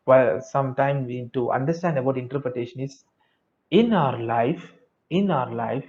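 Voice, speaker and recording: A man with a fairly high voice leads an interactive online training session, speaking animatedly, reading chat answers aloud, and repeating key phrases over and over. The audio is dull and lo-fi, like a webinar.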